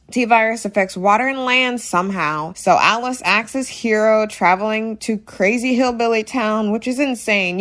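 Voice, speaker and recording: A young woman giving an opinionated, sarcastic movie review in a casual, ranting way. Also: mid-range voice.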